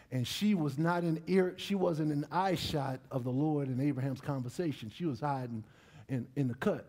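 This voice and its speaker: Husky pastor preaching. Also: male voice, a little high, normal speed. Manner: lively preaching with call-and-response. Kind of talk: sermon. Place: church sanctuary.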